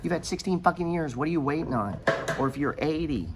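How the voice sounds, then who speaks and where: A man's voice: on the high side, animated, fast talker, very noisy. A middle-aged American man hosting a podcast, giving money advice in a blunt, profane, rambling motivational rant. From United States.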